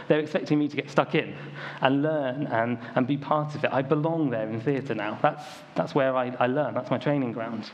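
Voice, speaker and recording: At a normal speed with few pauses, a young man from the UK preaches in a steady, medium-pitched voice. His sermon to the church is casual storytelling, full of ums and likes. The recording is dull and lo-fi, with faint ambient sound.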